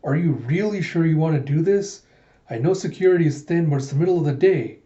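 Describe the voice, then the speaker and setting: A man voicing Lou, a brisk young operator. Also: a little high, dark tone, pitched above the performer's own voice, close to an everyday voice. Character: sharp young woman radio operator. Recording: dull lo-fi recording.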